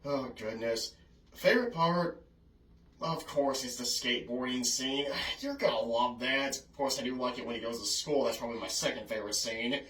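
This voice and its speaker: A man's voice: medium pitch, expressive, normal speed, a bit bright, recorded from a distance. Casual male vlogger, rambling and apologetic, recorded in an echoey room away from the mic. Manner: chatty, apologetic, frequent "oh, goodness" and chuckles. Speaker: film reviewer vlogger. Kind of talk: casual rambling film memories.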